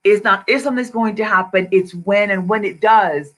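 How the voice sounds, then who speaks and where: A woman's voice: medium pitch, normal speed. A woman with a Jamaican accent, a financial advisor, sharing a personal testimony on a video call and repeating her key phrases for emphasis.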